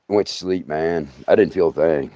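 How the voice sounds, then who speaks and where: A middle-aged man, a comedian and podcast host, telling a funny story to his audience on a livestream. He is animated and laughs through his own story. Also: very deep voice, no echo, muffled recording. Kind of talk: comic storytelling.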